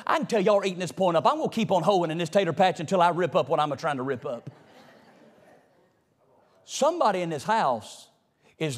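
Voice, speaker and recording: A high-pitched man preaches a folksy sermon in a church. He talks straight to the congregation, rising to loud emphasis, then dropping to a near hush. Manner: folksy, call-and-response preaching, swings from loud to hushed. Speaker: pastor. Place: church sanctuary.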